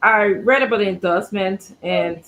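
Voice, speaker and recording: A woman's voice: medium pitch, moderate pace, a bit bright, rough recording. A woman speaking as a guest on a political talk show over a call, giving her view conversationally. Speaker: guest commentator. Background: household noise, child and pets.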